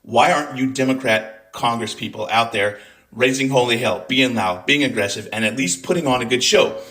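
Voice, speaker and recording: A man's voice: medium pitch, moderate pace, fairly bright tone. Angry male commentator, profane, venomous rant delivery. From United States. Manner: furious, profane, sarcastic. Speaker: political commentator.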